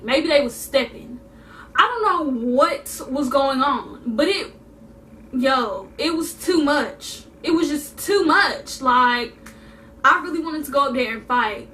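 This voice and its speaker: Sassy high-voiced young woman vlogger. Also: far from the mic, slight background noise. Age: young adult. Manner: animated, sassy, repeats for emphasis. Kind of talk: casual storytime vlog.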